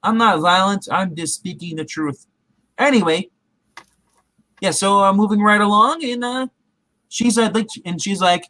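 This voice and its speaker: A man's voice: high-pitched, fairly even intonation, measured pace, pauses often, pushed and bright, no room sound. A man casually recapping a TV episode in a rambling way, full of fillers and restarts, acting out the characters' lines as he goes. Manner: acts out characters' quotes in his retelling. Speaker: show recap host.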